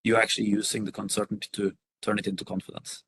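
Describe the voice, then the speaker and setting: A man's voice: lowish voice, level tone, quick pace, fairly bright tone, breathy edge, no echo, poor audio. A man on a video call answering a workshop question, hesitant with many fillers and restarts. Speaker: workshop panelist.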